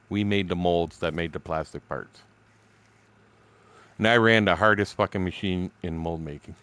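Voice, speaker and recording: A man's voice: low voice, a bit bright, clean tone, dry recording. A man in his sixties telling stories casually while streaming a game. He is blunt, swears constantly and laughs between remarks. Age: 60s. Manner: blunt, heavily profane. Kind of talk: casual rambling storytelling.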